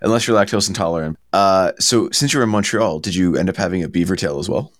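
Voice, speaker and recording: Give me a deep-voiced man hosting an interview. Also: fast, no echo. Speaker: podcast host. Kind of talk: casual interview.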